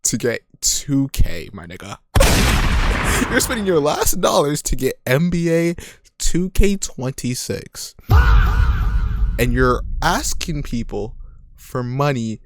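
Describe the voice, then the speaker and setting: A man's voice: medium pitch, very animated, takes it slowly, slight background noise. Slangy, laughing young man reacting. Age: 20s. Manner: slangy, profane, laughs a lot. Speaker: reaction video host. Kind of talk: casual reaction commentary.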